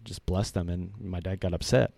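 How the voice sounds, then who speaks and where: A man's voice: sits low, steady tone, normal speed, mellow, no echo. A man in his thirties telling a personal story in a casual, earnest way, rambling with many fillers and restarts.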